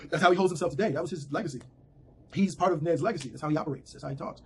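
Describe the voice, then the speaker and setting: A man's voice: a little high, rapid-fire, slightly rough. A man giving a slangy, rambling casual recap of a TV episode from home. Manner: slangy, rambling retelling with fillers.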